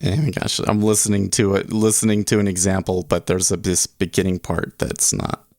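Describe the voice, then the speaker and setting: A man's voice: low-pitched, fairly even intonation, normal speed, darkish tone, no room sound, clean studio sound. A man hosting a casual livestream, rambling and cutting himself off as he talks. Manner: rambling, self-interrupting. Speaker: livestream host.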